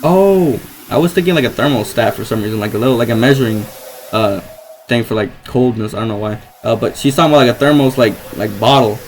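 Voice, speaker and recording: A man's voice: medium pitch, fast talker, slight background noise, low-quality recording. A young man playing a visual novel, reading the text aloud and rambling hesitantly between lines, full of fillers and restarts.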